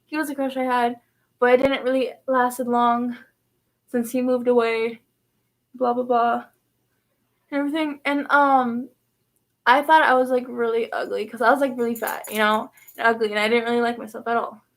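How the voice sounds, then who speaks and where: High-voiced woman rambling through a story. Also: little pitch movement, moderate pace. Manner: rambling, filler-heavy, lots of "like" and restarts. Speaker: vlogger. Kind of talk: casual storytelling vlog.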